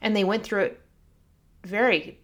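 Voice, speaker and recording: A woman co-hosting a podcast in casual chat, retelling scenes in a chatty, animated way. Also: mid-range voice, unhurried. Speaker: podcast co-host.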